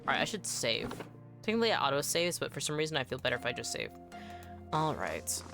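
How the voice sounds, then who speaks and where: A game streamer chatting casually during live gameplay, excitable and gushing, often trailing off and restarting. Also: mid-range voice, fast, music in the background.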